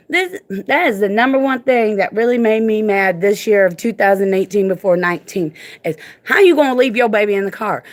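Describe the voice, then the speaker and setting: Impassioned woman ranting on her phone. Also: on the high side. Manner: emphatic and informal, repeats "look". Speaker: parent vlogger and advocate. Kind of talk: impassioned casual vlog rant.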